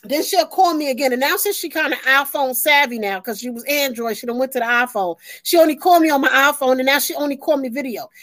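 A very high-pitched woman with a New York accent chats on a podcast. She tells animated family stories and acts out both sides. The sound is close and dry, with no room echo. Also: fast, hardly any pauses. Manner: animated storyteller acting out family dialogue. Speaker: podcast co-host. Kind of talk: casual chat.

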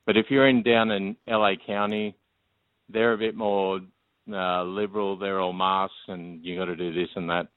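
A man's voice: sits low, level tone, normal speed, smooth, dry recording. Laid-back Australian man on a phone line. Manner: laid-back and self-deprecating. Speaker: caller. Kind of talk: casual phone-in chat.

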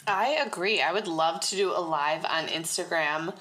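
A woman's voice: fairly low pitch, normal speed, sharp tone. A woman from Wisconsin with a Wisconsin accent, co-hosting a podcast in bubbly casual chat and laughing a lot. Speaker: podcast co-host, counselor.

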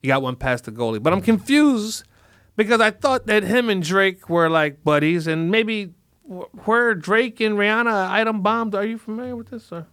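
A man's voice: high voice, expressive, normal speed, fairly bright tone, clear, resonant tone, no room sound, studio quality. A man hosting a podcast, rambling through crude, mock-dramatic jokes. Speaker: podcast host. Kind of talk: comedic podcast chat.

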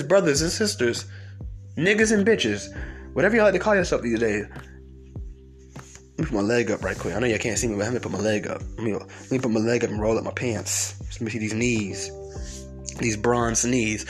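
A man's voice: medium pitch, fairly quick, soft background music. A man hosting a podcast, delivering a heated, profane, confrontational rant. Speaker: podcast host. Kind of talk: ranting monologue.

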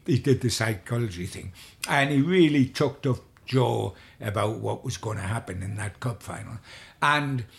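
A man's voice: fairly low pitch, creaky. An older man, a sports journalist, telling long rambling anecdotes in an interview, with frequent restarts.

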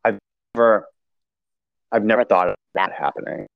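A man casually telling a personal story in a halting way, with many restarts and fillers. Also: fairly low pitch, vocal fry, no echo, muffled recording. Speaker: podcast guest sharing recovery story.

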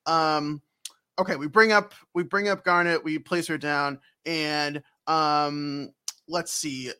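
A podcast co-host with a somewhat high, pushed and bright voice rambles through a casual game recap. He fills it with lots of ums and acts out scenes.

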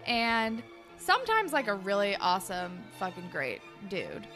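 A young woman co-hosting a podcast, recapping a show in casual chat, animated and swearing, popping into quick high voices for characters. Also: over music. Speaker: podcast co-host.

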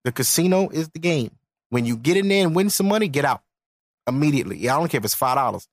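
Male podcast host, blunt lecturing rant, lively swinging delivery, dry room. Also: fairly high pitch, fast talker, dry recording.

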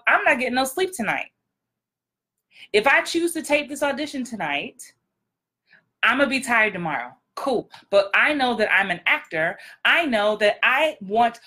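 Blunt, bright-voiced woman coach. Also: on the high side. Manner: direct and blunt; emphatic, repetitive punchlines. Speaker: acting coach and podcast host. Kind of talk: casual podcast monologue.

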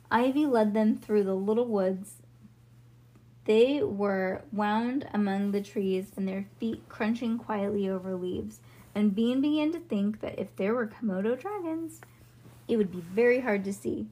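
A woman's voice: medium pitch, unhurried, dark tone. A woman reading a children's book aloud in a casual way, with slips and little asides. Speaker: reader.

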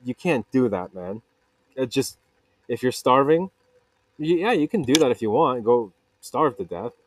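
A man's voice: mid-range voice, lively intonation, measured pace, dry recording. A man hosting a solo podcast, rambling and joking about himself in a casual monologue. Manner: digressive, self-mocking, quotes people in put-on voices. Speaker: podcast host. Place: makeshift home vocal booth.

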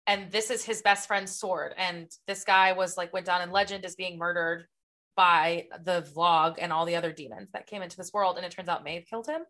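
A young woman with a bright, forceful voice talks through a fantasy book with her friend on a podcast. She keeps it casual and chatty, slipping into characters' lines as she retells the scenes. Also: fairly low pitch, steady tone, a little fast. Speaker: podcast co-host.

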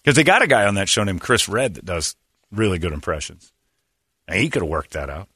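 Male radio host, sarcastic and ranting, bright voice, lively pitch, dry close sound. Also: a little fast, husky, no echo. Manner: ranting, sarcastic, laughs often. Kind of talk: casual radio chat.

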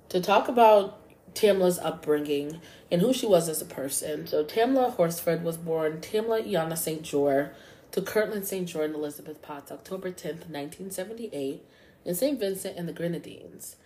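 A woman hosts a true-crime podcast in a casual, chatty storytelling voice. Her voice sits a little low and sounds mellow and warm. She talks to listeners as y'all and drops curse words freely. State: up late at 3 a.m. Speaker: podcast host.

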